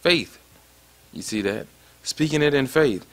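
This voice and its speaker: A man's voice: medium pitch, expressive, a little slow, a bit bright. A man preaching a sermon in a conversational way, often stopping to ask "you see that?". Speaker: pastor.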